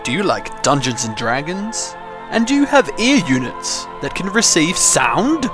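A man's voice: on the high side, big pitch swings, unhurried. A man giving a playful, exaggerated podcast intro. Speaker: podcast host. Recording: intro over music.

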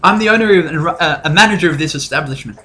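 Guy putting on a high flustered half-elf innkeeper lady, gushing thanks, tabletop game voice. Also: quick pace, bright, forceful tone. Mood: grateful.

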